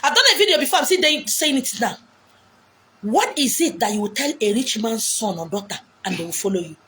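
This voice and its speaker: A woman with a Nigerian accent delivering an animated, preaching monologue, acting out quotes with big swings in pitch and loudness. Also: fairly quick. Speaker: self-styled spiritual messenger. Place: beach, outdoors. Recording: faint background noise, outdoors.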